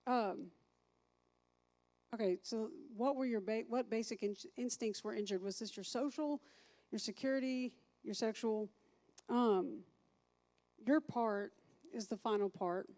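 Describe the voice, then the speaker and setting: A woman's voice: a little high, unhurried, long pauses, a little mellow. A woman teaching a recovery class as a sponsor, chatty, thinking aloud and asking the group questions.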